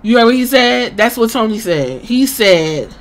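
A woman's voice: on the high side, moderate pace. A woman hosting a podcast who retells a story casually and animatedly, swearing often and acting out each character. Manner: animated, profane, acts out every character. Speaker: podcast host.

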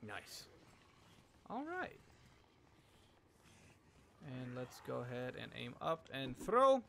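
A man's voice: mid-range voice, big pitch swings, slow, vocal fry, sharp tone, a little hiss or hum. A young man streaming a video game, chatting casually in a crude, profane, rambling way between jokes and mutters. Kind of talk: casual gameplay commentary.

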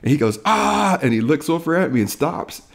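A man's voice: mid-range voice, fast talker, darkish tone. A young man co-hosting a podcast, telling stories in a laid-back way with laughs and casual slang. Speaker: podcast co-host. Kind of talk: casual chat.

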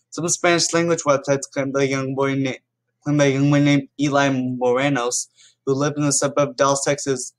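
A YouTuber with a mid-range male voice gives casual reaction commentary. He chats with his viewers and reads stories aloud, restarting himself here and there.

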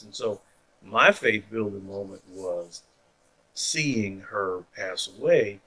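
A man's voice: on the low side, expressive, measured pace, bright, forceful tone, poor audio. A man giving a personal faith testimony as a story, acting out the people he quotes. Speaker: testimony speaker.

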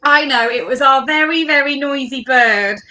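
A woman's voice: high-pitched, moderate pace, pushed and bright. A woman leading an interactive story workshop for children, talking in a playful, encouraging, sing-song way.

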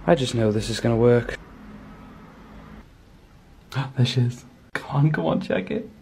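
A woman playfully pranking someone at home, answering in a teasing, deadpan way. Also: very deep voice, measured pace, a little hiss or hum. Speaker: pet owner pranking her partner. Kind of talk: casual home video prank.

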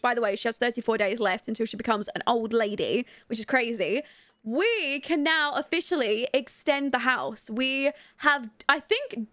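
Young woman, high voice, dry close sound, chatty game commentary, giggly. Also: fairly bright tone, dry recording. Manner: chatty, giggly, talks to her viewers and the game characters. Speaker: streamer playing a life-sim game. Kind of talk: casual gameplay commentary.

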